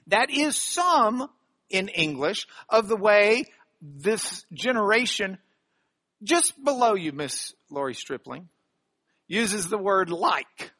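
A middle-aged man from Texas, teaching a Bible study with emphatic, animated delivery. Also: high-pitched, slow, husky.

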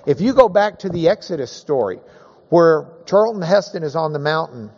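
Folksy high-voiced man teaching. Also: expressive, darkish tone. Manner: folksy and joking, drawn-out emphasis on key words. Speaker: Bible class teacher. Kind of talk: conversational Bible teaching. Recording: dull, echoey hall recording.

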